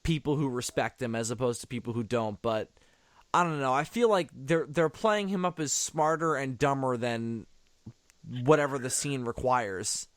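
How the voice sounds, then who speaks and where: A man's voice: mid-range voice, normal speed, no room sound, studio quality. A man giving casual, sarcastic commentary on a movie, swearing often.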